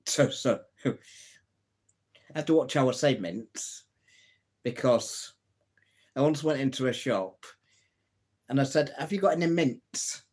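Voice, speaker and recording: A man's voice: medium pitch, a little mellow. A man runs a casual live stream, reeling off old gags and chuckling at his own puns. He speaks in a middling voice and talks straight to his viewers, greeting them and answering their comments. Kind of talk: casual live-stream chat telling jokes.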